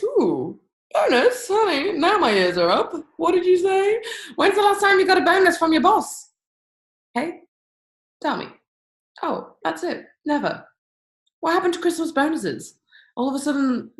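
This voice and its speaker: An upbeat, chatty woman presents to a business team on a group call, giving an animated sales pitch. Her pitch leaps around a lot and she drops playful asides. She's picked up by a computer or phone mic in an echoey room.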